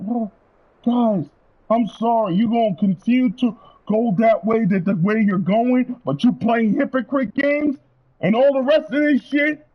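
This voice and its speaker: High-voiced guy ranting on a stream, swearing a lot, muffled lo-fi audio. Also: measured pace. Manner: heated, profane, ranting. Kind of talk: angry rant.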